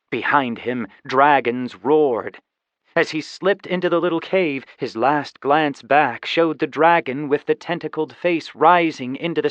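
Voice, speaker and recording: A man narrating a fantasy audiobook in steady, scripted storytelling. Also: on the high side, dry recording. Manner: even, steady storytelling with voiced dialogue. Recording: slightly dull, dry studio recording.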